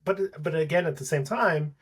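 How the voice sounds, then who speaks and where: Male actor guest, husky, a bit high, animated storyteller, casual and profane. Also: moderate pace. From Palestinian family. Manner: animated storyteller, swears freely. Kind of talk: casual chat.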